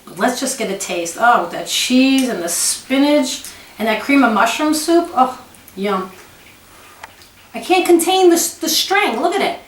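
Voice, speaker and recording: Woman host for a home cooking demo, rather high voice, effusive and chatty, picked up from off-mic in an echoey kitchen. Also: lively intonation, measured pace, recorded from a distance, a little hiss or hum. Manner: gushing, exclamatory and chatty.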